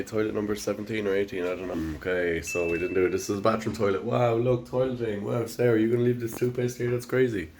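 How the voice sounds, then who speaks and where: Jokey young man, noisy background. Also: sits low. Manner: jokey, teasing, excitable. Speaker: vlogger. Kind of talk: playful travel vlog banter.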